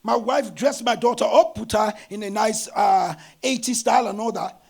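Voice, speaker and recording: High gravelly-voiced preaching man. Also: moderate pace. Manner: animated storytelling, bursts of shouting. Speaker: pastor. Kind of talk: sermon.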